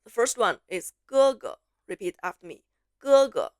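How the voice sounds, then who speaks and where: A woman teaching pronunciation, slowly repeating syllables and words for learners to copy, switching between English explanations and drills. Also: medium pitch, very animated, darkish tone, dry recording, clean studio sound. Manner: slow, clear repetition, drawn-out syllables for learners. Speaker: Mandarin teacher.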